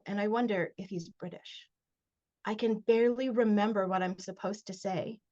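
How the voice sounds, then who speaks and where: A woman author reading aloud from her middle-grade novel at a virtual launch event, expressive in the first person, with short casual recaps. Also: on the high side, moderate pace. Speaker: children's book author. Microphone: video call. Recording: dull lo-fi video call audio.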